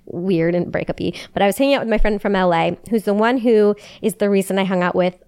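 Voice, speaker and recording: A woman's voice: mid-range voice, fast, a little mellow, smooth, dry recording. Casting note: young woman host, chatty and giggly, dry close sound. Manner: chatty, giggly, lots of likes. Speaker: podcast host. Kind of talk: casual chat.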